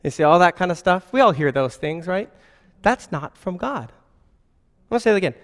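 A man's voice: high voice, expressive, a little fast, fairly bright tone, in a large hall. A man giving an informal Christian teaching in a conversational way, often asking rhetorical questions.

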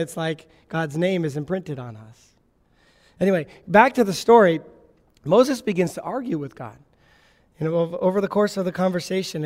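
A man's voice: on the high side, a little mellow. A man preaching a sermon to a congregation, earnest and teaching, lifting his voice when he quotes scripture. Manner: earnest teaching, quotes Moses and God in a lifted voice. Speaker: messianic Jewish congregational leader. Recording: long hall reverb.

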